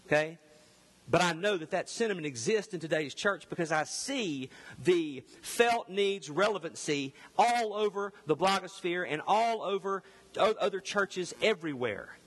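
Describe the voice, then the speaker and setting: A male pastor with a Southern accent from the Delta, preaching a loud and emphatic sermon. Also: a little high, expressive, moderate pace, breathy edge, long reverb tail. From Mississippi Delta, US South.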